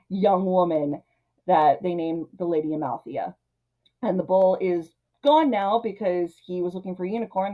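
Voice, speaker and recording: A chatty woman recapping a film in a low-pitched voice, jumping into the characters' lines as she goes. The recording is dull and lo-fi. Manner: chatty, animated, quotes characters in her own voice. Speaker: video essay host. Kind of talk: casual film recap commentary.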